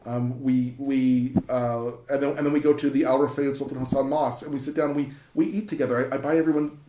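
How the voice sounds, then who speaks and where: Animated professor telling a story. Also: male voice, medium pitch, fast talker, background noise. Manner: enthusiastic storytelling with frequent fillers and restarts. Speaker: university professor. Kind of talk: interview conversation. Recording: echoey room.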